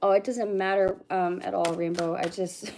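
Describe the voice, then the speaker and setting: A woman's voice: mid-range voice, fairly even intonation, moderate pace, darkish tone, a little hiss or hum. A woman who is a psychic medium, chatting casually with livestream viewers. She greets them by name and hums and mutters to herself between readings.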